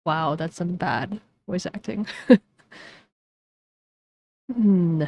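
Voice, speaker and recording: A woman's voice: lowish voice, drawn-out words, darkish tone, dry recording. A woman streaming a game, chatting casually and rambling with self-mocking jokes. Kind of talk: casual gaming commentary.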